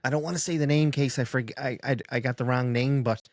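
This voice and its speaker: A man's voice: medium pitch, steady tone, fast talker, darkish tone, dry recording, clean studio sound. A man hosting a casual talk, easygoing and chiming in with short agreements. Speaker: host. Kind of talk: casual chat.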